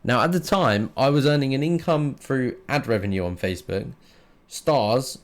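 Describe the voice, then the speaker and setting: A man's voice: medium pitch, animated, normal speed. A man hosting his own podcast, talking frankly and casually with plenty of fillers and the odd swear word. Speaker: podcast host and streamer. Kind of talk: casual solo podcast monologue.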